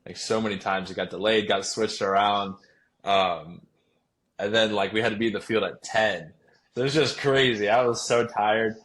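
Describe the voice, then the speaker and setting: A man's voice: fairly low pitch, fairly even intonation, moderate pace, a bit bright. A young man, a baseball player, talking casually in an interview, rambling with lots of fillers and restarts. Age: young adult. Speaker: guest, pro baseball player.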